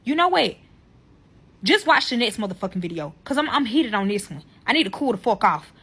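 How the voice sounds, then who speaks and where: A woman telling a personal story in casual story-time style, animated and full of profanity. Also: medium pitch, quick pace, slightly rough.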